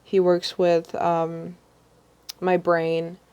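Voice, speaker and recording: A woman's voice: fairly low pitch, monotone, extremely slow, darkish tone, clear, resonant tone, highs cut off. A young woman vlogger chatting casually on a livestream, rambling with many ums and restarts.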